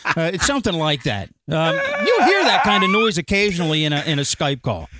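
Hesitant co-host on a noisy mic. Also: male voice, fairly high pitch, very animated, brisk. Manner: hesitant, explaining with fillers. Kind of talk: casual chat.

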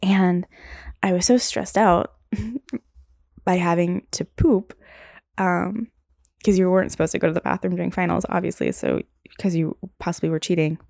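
A woman's voice: lowish voice, fairly even intonation, normal speed, creaky, long pauses, darkish tone, no room sound, studio quality. A young woman hosting a solo podcast, telling stories casually with lots of "like" and "um". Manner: casual, rambling, frequent "like" and "um". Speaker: podcast host.

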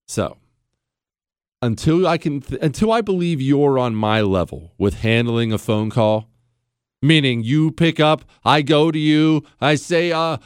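A man's voice: a little high, expressive, smooth, dry recording, clean studio sound. A man in his forties hosting a talk radio show, brash and sarcastic, swinging his voice up and down as he mocks callers and riffs. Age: 40s. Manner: sarcastic, brash, fast-shifting, mock-acts callers.

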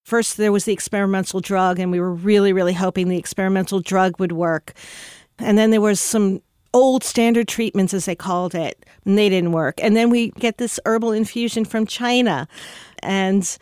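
A widow telling a heartfelt personal story about grief, pausing often. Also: female voice, mid-range voice, a little mellow, smooth, no echo, clean studio sound.

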